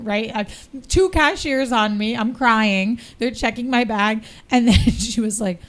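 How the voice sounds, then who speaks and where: Animated woman podcast host telling a story. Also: on the high side, a little slow. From New York. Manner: animated, laughs often while telling a story. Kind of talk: casual storytelling chat.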